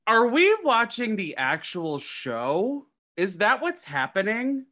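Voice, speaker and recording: A young man, a podcast guest, chatting casually in an animated, rambling way with many restarts. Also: high voice, takes it slowly. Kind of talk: casual chat.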